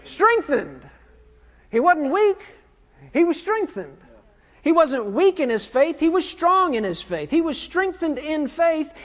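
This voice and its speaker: A man in his thirties preaching a sermon, firing emphatic questions at the congregation. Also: very high-pitched. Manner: emphatic call-and-response questioning. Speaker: pastor. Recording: dull lo-fi recording with long hall reverb.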